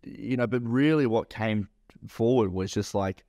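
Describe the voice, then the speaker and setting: He speaks unhurriedly in a lowish, dark-toned voice, captured in studio quality without any room sound. A business owner and podcast co-host, he tells a meandering, casual story full of fillers and swearing.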